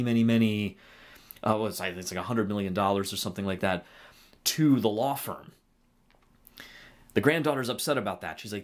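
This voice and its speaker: A man giving a casual spoken film review and faith reflection. He talks in an animated, halting way and often stops to correct himself. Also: lowish voice. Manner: animated retelling with a halting, self-correcting flow.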